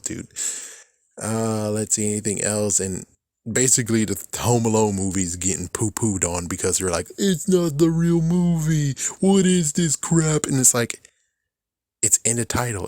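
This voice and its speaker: Young male vlogger, low voice, dry close sound, loose rambling movie talk with plenty of swearing. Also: dry recording. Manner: animated, swearing, laughs at his own jokes.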